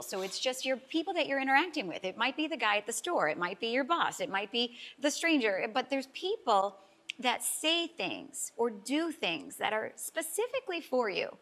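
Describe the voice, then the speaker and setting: Her voice sits a little high and sounds a bit bright. She's a middle-aged woman and life coach, a guest on a talk show, earnestly and heartfelt relating a personal story that is emotional enough to bring her close to tears at times.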